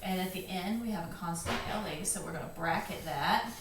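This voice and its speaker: A woman's voice: fairly low pitch, fast. Patient woman tutor sounding out syllables. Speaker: reading tutor. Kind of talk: step-by-step phonics lesson. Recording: echoey room, distant mic, faint hiss.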